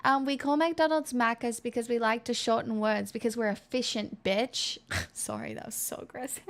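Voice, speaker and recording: A woman's voice: a little high, expressive, moderate pace. A woman with an Australian accent, chatting casually and playfully with her stream viewers, joking and laughing often. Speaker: live streamer.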